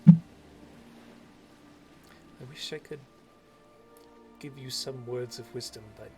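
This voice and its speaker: A man voicing a caring mother in a tabletop game, speaking gently and hesitantly. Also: medium pitch, steady tone, slow pace, music in the background, low-quality recording. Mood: tender. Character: caring mother of a player character.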